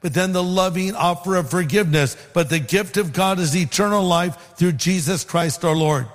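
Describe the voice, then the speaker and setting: High-voiced preacher in a reverberant hall. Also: male voice. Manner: earnest, slows to stress scripture. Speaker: pastor. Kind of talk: sermon.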